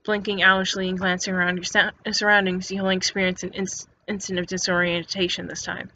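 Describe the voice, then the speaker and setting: A woman's voice: lowish voice, level tone, fairly quick, bright, forceful tone, slight background noise. A woman reading an interactive story game aloud in second person, stumbling and restarting words often. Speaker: narrator. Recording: dull lo-fi recording with faint music.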